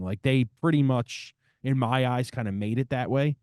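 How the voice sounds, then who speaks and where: A man's voice: medium pitch, moderate pace, hardly any pauses, darkish tone, clean tone, no room sound, studio quality. A middle-aged man co-hosting a casual podcast, swearing freely and gushing about records. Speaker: podcast co-host. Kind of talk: casual chat.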